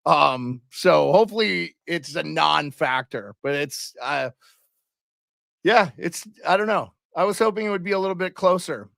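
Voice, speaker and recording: A man's voice: a little high, expressive, unhurried, vocal fry, a bit bright, no room sound, clean studio sound. A man hosting a casual live hockey stream, chatting loosely and calling out viewers and their locations. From Canada.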